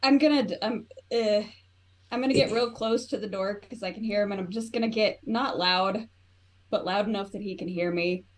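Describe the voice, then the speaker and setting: A woman's voice: mid-range voice, normal speed. Playful woman tabletop player. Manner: playful, narrating her actions with laughs. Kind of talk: tabletop game play.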